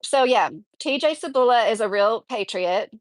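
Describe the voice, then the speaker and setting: A woman's voice: fairly high pitch, expressive, normal speed, no echo, clean studio sound. A woman in her thirties from Kentucky, talking at home in a rambling, opinionated livestream chat and reading viewer comments aloud. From Kentucky, USA. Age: 30s. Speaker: vlogger.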